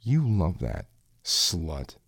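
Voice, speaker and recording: Guy doing a low gravelly bossy coworker, slow and sneering, dry close mic. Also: sing-song, fairly bright tone, no echo, exaggerated voice. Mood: taunting. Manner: taunting, sneering, commanding. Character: domineering, crude male kitchen coworker. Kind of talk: adult audio role-play.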